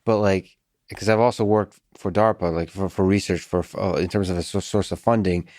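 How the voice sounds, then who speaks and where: A man hosting a podcast, speaking in a measured, thoughtful way with pauses and fillers. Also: low-pitched, fairly even intonation, darkish tone, no echo, clean studio sound. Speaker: podcast host. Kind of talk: casual conversation.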